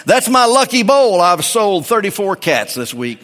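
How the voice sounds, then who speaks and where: A man playing a sly male hardware store owner in a joke, with animated jumps in pitch. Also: a little slow, heavily acted. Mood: crafty. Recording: long hall reverb.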